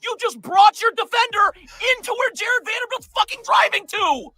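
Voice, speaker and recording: Exasperated male hoops analyst, very high and bright, yelling film breakdown. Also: animated, normal speed, faint music behind. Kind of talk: heated film breakdown commentary.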